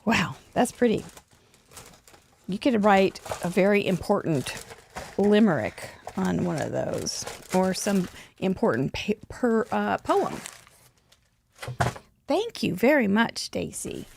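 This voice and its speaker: A woman hosting a crafting show, chatting warmly about mail and cards with frequent little laughs. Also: medium pitch, big pitch swings, slow pace, gravelly, long pauses, slight background noise. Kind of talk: casual chat over a card slideshow. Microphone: desk microphone.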